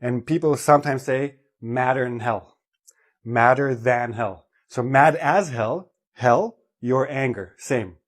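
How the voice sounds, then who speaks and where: A man gives an English vocabulary lesson in a medium-pitched voice. He explains each word patiently and keeps checking in with the listener. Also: unhurried. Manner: explanatory, checks in with "okay?" and "right?". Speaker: English teacher.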